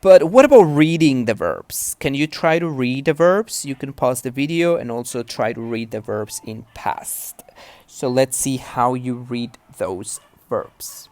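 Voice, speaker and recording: A woman's voice: rumbling low, lively intonation, a little slow, darkish tone. A woman teaching English grammar and pronunciation in a recorded lesson, explaining patiently step by step and checking in with the learner.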